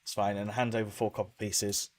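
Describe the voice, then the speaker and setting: A man's voice: lowish voice, flat delivery, fairly quick, dry recording, clean studio sound. A man playing a tabletop game, talking casually and a bit hesitantly. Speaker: player.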